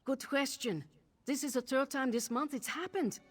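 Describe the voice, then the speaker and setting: An actress voicing a weary woman guard of an undersupplied garrison in a video game, with a flat, uneven delivery over faint game music. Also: high-pitched, moderate pace, breathy edge. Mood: worried.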